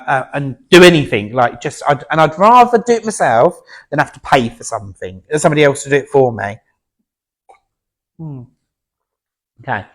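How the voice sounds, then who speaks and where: A man working as a medium before an audience at a spiritualist centre, talking in a chatty, halting way full of fillers and restarts. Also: a little high. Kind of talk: platform mediumship demonstration.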